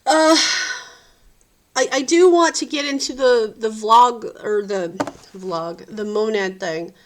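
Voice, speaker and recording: A woman's voice: fairly high pitch, slow. A sleep-deprived woman, a parent, venting in a casual vlog with profane, exasperated rants. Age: adult parent. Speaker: vlogger.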